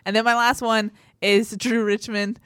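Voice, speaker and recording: A woman co-hosting a sports podcast, telling sideline stories in an animated way and acting out what players said. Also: on the high side, moderate pace, smooth, no echo, clean studio sound. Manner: animated storytelling, acts out quotes. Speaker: sports reporter and podcast co-host. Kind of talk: casual sports chat.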